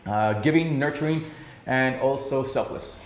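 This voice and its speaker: A man in his thirties answering rapid-fire questions, upbeat and emphatic, with frequent filler sounds. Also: mid-range voice, roomy sound. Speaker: real estate broker interviewee.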